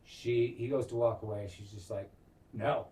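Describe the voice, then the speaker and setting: A man co-hosting a podcast, casually recapping a TV episode, animated and swearing often as he acts out the characters' lines. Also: lowish voice, normal speed, distant mic, a little hiss or hum. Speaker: podcast co-host.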